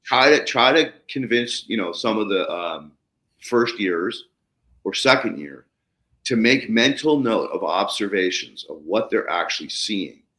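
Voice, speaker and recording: Lively low-voiced man telling stories. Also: unhurried. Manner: animated anecdote-telling, acts out the people he quotes. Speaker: podcast host. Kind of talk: casual storytelling chat.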